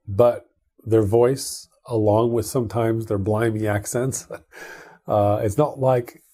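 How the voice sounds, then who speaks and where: A middle-aged man with a dark, mellow and somewhat husky voice, chatting casually on a tech podcast. He rambles, restarts his sentences and fills gaps with ums. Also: lowish voice. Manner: rambling, many restarts and fillers. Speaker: podcast co-host.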